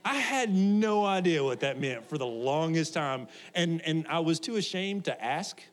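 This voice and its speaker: A man's voice: fairly high pitch, animated, a little slow. A middle-aged man, a pastor, preaching a conversational sermon to a congregation, joking, laughing often and asking his listeners questions.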